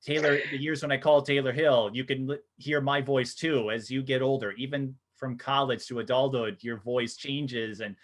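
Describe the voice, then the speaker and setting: A man's voice: medium pitch, fairly even intonation, normal speed, few pauses. Man, sportscaster, casual interview, teasing, laughs a lot, middle-aged. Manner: chatty and teasing, laughs often. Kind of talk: casual video-call interview.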